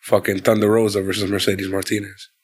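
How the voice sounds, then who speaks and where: A man co-hosting a casual podcast, recapping wrestling in an animated, laughing way and acting out quotes. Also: fairly low pitch, a little fast, slightly rough. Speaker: podcast co-host.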